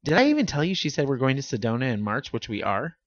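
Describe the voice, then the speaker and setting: A man's voice: mid-range voice, very animated, quick pace, no echo, dull audio. A man co-hosting a podcast, chatting casually and playfully, now and then swearing. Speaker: podcast co-host. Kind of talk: casual chat.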